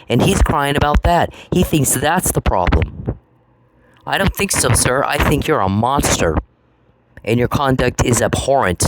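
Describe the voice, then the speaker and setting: A man delivering an angry solo monologue, confrontational and profane, repeating phrases for emphasis. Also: mid-range voice. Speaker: channel host. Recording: noisy recording with clicks.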